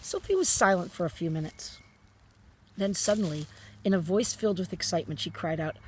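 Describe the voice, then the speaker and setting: A woman reading a children's storybook aloud in a calm, soft-spoken way. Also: fairly low pitch, brisk, a little hiss or hum. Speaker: narrator.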